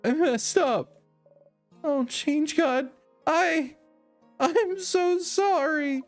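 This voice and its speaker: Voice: very slow, soft background music, full character voice. A streamer doing a frantic young housemaiden. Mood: frantic apology. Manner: high, frantic and apologetic. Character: anxious young woman housemaiden.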